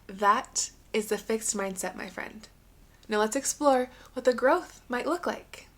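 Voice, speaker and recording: A woman's voice: fairly high pitch, a little slow, fairly bright tone. Young adult woman, podcast host, earnest and encouraging, plain conversational delivery. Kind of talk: solo podcast talk.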